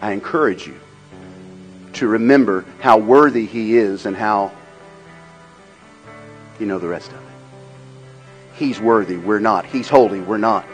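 A man preaching a sermon. He swings between loud, rhythmic, repeated phrases and a low, quiet storytelling tone, over faint music. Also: a little slow, pauses often, rough recording. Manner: swells into loud, rhythmic repetition. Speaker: pastor.

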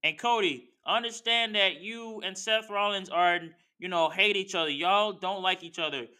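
A man's voice: sits high, moderate pace, bright, forceful tone, clean tone. A man hosting a podcast, giving a slangy, heated commentary rant and talking straight to the people he discusses. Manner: slangy, heated, talks straight to wrestlers and fans. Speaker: podcast host. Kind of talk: casual wrestling commentary rant.

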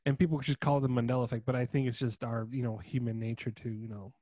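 A young man in relaxed conversation, swept up in retelling something and acting out his reactions at full volume. His voice sits at an ordinary pitch. It is recorded close and dry, with almost no room sound. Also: fast talker, no echo. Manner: animated storyteller, swings loud when acting out reactions. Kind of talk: casual chat.

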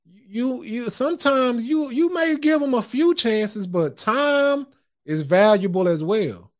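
A man with a high voice talks in a loose, preachy podcast monologue. He chuckles often and drops curse words casually, a host working from his own studio. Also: animated, slow pace. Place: home studio.

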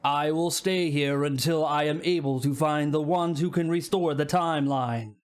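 A man voicing an ancient, solemn stone guardian of time in a tabletop game, speaking in slow, formal pronouncements. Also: a little high, smooth, close to an everyday voice. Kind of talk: tabletop role-play voicing.

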